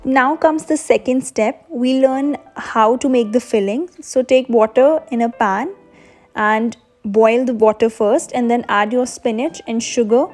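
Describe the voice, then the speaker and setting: A woman's voice: a little high, measured pace, darkish tone, soft background music. A young woman, host of a cooking channel, explaining a recipe step by step in a voice-over.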